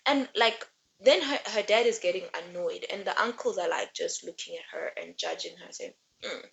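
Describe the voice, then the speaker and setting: A young woman giving a casual book recap and rant, chatty and rambling with animated asides. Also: medium pitch, moderate pace, vocal fry, dull audio. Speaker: book reviewer.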